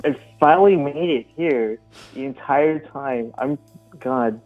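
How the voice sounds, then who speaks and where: A male fan speaks into a phone call on a live stream, halting and sincere, his words often restarting. The line is thin and tinny, with faint music beneath. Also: mid-range voice. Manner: halting, earnest, emotional. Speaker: caller, fan. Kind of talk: casual call-in chat.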